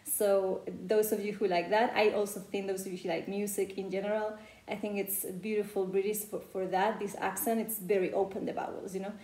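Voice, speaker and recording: A woman from Spain, speaking with a Spanish accent, runs an informal English pronunciation session full of "you know." Her delivery is flat and a little fast, with a medium pitch and dark tone, recorded in an echoey room.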